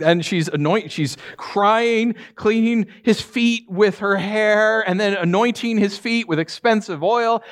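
A man giving a conversational sermon, telling the story in an animated way and putting questions to his listeners. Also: high-pitched. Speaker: preacher.

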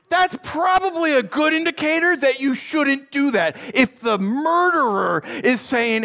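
A male pastor preaching a sermon, reading Bible verses and cracking jokes in animated asides. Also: very high-pitched, measured pace, gravelly, hardly any pauses.

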